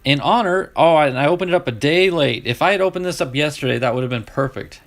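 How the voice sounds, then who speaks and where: A man's voice: on the high side, quick pace, fairly bright tone. A middle-aged man with a Southern US accent chatting casually as he opens cards, laughing easily and often restarting his sentences. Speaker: card-breaking streamer. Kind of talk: casual chat.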